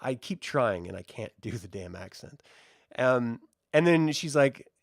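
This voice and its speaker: A man hosting a casual spoiler film review, chatty and joking with an animated delivery. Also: medium pitch, a little slow, creaky, no room sound, studio quality. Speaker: host.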